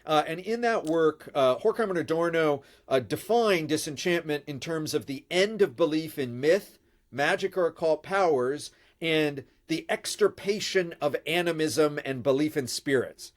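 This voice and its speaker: A middle-aged man with a slightly raised pitch and a stuffy, nasal voice from a passing head cold. He explains academic ideas in a measured way, often pausing on "uh" as he builds his points. He sounds like a professor talking on a video call. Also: animated. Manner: measured, with frequent uh fillers. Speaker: guest, professor of religion. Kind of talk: academic interview answers.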